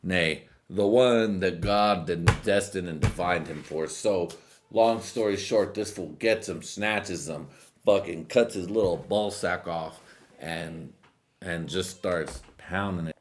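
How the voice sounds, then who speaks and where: A man hosting a podcast while high on edibles, rambling through a crude comedic monologue with bursts of laughter. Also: slow, slight background noise. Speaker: podcast host.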